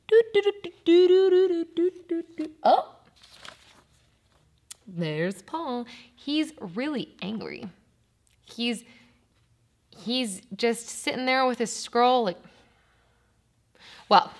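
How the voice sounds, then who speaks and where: A woman teaching a preschool Bible lesson, speaking to little children in an animated, sing-song way. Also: a little high.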